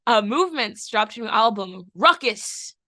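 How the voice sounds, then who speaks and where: A woman's voice: medium pitch, brisk, fairly bright tone, no room sound. A woman co-hosting a music podcast, chatting casually and enthusiastically about albums, swearing freely and backing her partner with mm-hmms. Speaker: podcast co-host. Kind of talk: casual music review chat.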